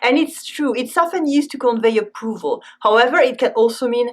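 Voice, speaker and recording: Woman, French accent, French native speaker, language teacher, scripted lesson, slightly high voice, repeats example phrases. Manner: repeats example phrases slowly, then translates.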